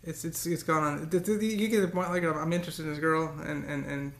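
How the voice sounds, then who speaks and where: A man's voice: fairly high pitch, steady tone, fast talker, gravelly, a bit bright, reverberant. A man talking to the camera in a casual, rambling monologue, often repeating words and breaking into cursing rants. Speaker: vlogger.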